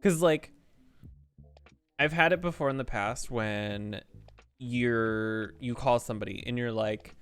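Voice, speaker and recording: Brief: a male streamer with a middle pitch, candid and rambling, lots of restarts. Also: unhurried, fairly bright tone, smooth, soft background music. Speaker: game streamer. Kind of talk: casual chat while streaming.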